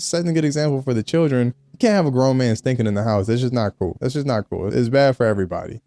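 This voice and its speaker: A man's voice: mid-range voice, warm tone, no room sound. Frank, joking man giving relationship advice. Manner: frank, joking, laughs often, blunt slang. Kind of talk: casual advice talk answering letters.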